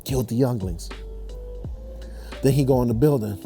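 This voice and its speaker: A young man telling a movie story as a comedic rant, slangy and animated, slipping into quick character voices. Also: mid-range voice, soft background music. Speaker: comedy vlogger.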